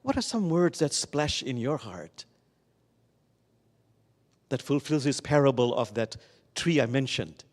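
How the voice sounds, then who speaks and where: A man delivers a sermon in a big hall, and his voice rings on with a long reverb. His pitch moves in wide, lively swings as he tells his stories. He slows down and stretches out the words he wants to land. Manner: slow, lingering emphasis on key words. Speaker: guest speaker at a Sunday service. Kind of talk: sermon with storytelling. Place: church sanctuary.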